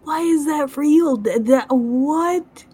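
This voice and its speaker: A woman playing a tabletop game, baffled and halting. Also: high voice, dark tone. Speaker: player.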